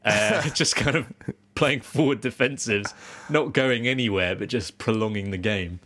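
Telling rambling, self-deprecating stories, this podcast co-host keeps the chat casual. His voice is medium-pitched and fairly bright, and he speaks at a measured pace.

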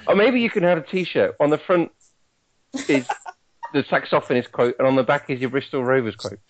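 A man co-hosting a podcast in casual chat, teasing and quick to apologise. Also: mid-range voice, highs cut off, slight background noise. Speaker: podcast co-host.

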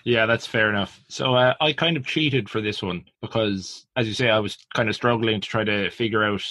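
A man co-hosting a podcast in easygoing chat. His voice sits low but has a bright, forceful edge. The recording is dry. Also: brisk, no room sound. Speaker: podcast co-host. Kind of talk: casual chat.

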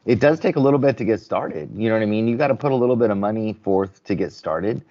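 Male guest, low register, easygoing storyteller with lots of restarts; dull lo-fi recording. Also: quick pace, mellow. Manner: chatty storyteller, lots of "you know" and restarts. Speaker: guest, vending business owner. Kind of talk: casual interview chat. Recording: dull lo-fi audio.

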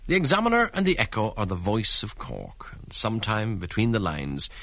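Man narrator, gravelly and bright, dry close sound, wide range. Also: lowish voice, huge pitch swings, normal speed, dry recording. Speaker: documentary narrator. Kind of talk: scripted narration.

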